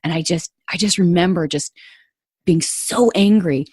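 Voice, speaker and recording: A woman's voice: on the low side, measured pace, darkish tone, slightly rough, no room sound, studio quality. A woman hosting a podcast, telling a personal story in an earnest, confiding way and speaking straight to her listeners. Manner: earnest and confiding, addresses listeners as "you guys". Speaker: podcast host.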